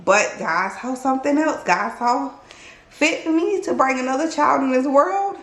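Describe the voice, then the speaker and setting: A woman's voice: high voice, animated, normal speed, fairly bright tone. A woman vlogging to her viewers in a chatty, candid way, talking to them directly as y'all. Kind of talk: casual talking-to-camera vlog. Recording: roomy echo.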